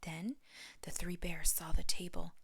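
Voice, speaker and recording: A woman teacher reading a picture book aloud, expressive and often dropping to a whisper. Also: lowish voice, a little slow, vocal fry, slightly rough.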